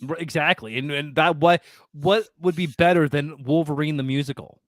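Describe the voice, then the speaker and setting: A man's voice: on the high side, normal speed, dry recording, studio quality. A man co-hosting a podcast in casual chat, easygoing and enthusiastic. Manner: easygoing, enthusiastic, many restarts. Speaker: podcast co-host.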